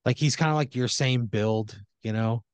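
A man improvising a comedy story on a podcast, halting with fillers and restarts and slipping into quick character voices. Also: medium pitch, smooth, no echo. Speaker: podcast host telling an improvised scenario.

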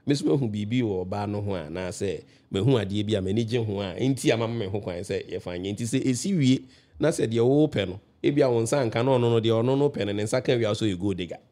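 A man's voice: lowish voice, fast talker, mellow. A man, a guest on a radio talk show, explaining his view at length, often restarting and checking that the listener understands. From Ghana.

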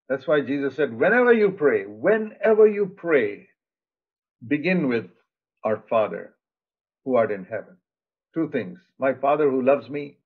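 A man's voice: mid-range voice, phone-quality sound. Older guy preaching, earnest and plain, voices little bits of dialogue, sounds thin like a phone. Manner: earnest, plain-spoken, acts out quoted dialogue. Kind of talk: sermon.

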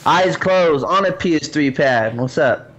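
A man in casual, profane chat, telling an animated, salty story about losing a tournament. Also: on the high side, unhurried, dull audio, crowd noise.

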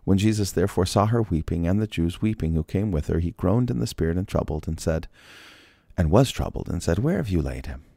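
A man's voice: low-pitched, a little fast, warm tone, no room sound, studio quality. A man reading scripture aloud and breaking off for casual, joking asides. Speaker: Bible reader.

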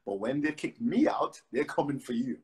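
A man's voice: medium pitch, expressive, normal speed, darkish tone. A man, a poet, chatting loosely with many fillers and then reciting spoken word verse with rhythmic emphasis over a phone live stream. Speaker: guest poet. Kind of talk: casual chat and spoken word poetry reading. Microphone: phone on a live video stream.

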